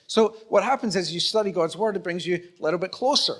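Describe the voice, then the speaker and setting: A Scottish pastor with a high, fairly bright voice preaches quickly, hardly pausing, in a church auditorium. His conversational sermon features acted-out little dialogues and self-mocking humour.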